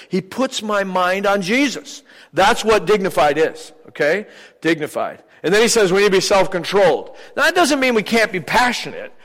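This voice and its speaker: A man's voice: high voice, fairly bright tone, long reverb tail, rough recording. An older man, a visiting preacher, giving a sermon in a joking, conversational way, acting out little anecdotes. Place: church sanctuary.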